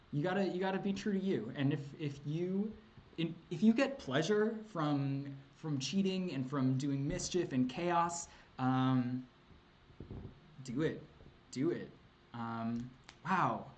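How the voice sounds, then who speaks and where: A man's voice: fairly high pitch, animated, takes it slowly. A man answering chat questions on a casual livestream, rambling and hesitant with many ums and likes, laughing often and swearing casually.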